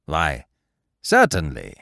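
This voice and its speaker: A man voicing a middle-aged male baron, loud, excitable and hearty. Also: very deep voice, slow, vocal fry, no room sound, clean studio sound, pitched below the performer's own voice, exaggerated voice. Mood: tickled.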